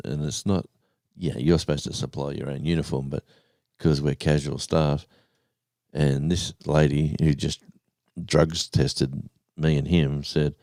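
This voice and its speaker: A man's voice: extremely low pitch, steady tone, a little slow, dark tone, dry recording, studio quality. A man hosting a live stream, telling a rambling story in casual chat and reading out names from the chat. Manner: rambling storyteller, reads chat names aloud, says mate.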